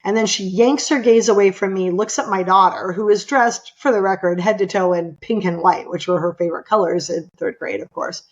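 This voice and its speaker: A woman's voice: mid-range voice, brisk, few pauses, muffled recording. Impassioned middle-aged woman telling a story. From California, USA. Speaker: podcast guest. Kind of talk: personal storytelling in a podcast interview.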